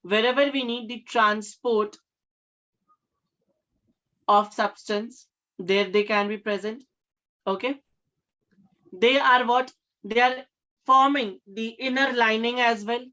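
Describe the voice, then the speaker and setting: Bright-voiced woman teaching a class. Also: a little high, steady tone, takes it slowly, long pauses, highs cut off. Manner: keeps checking with questions, repeats key words. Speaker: science teacher. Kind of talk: classroom lecture.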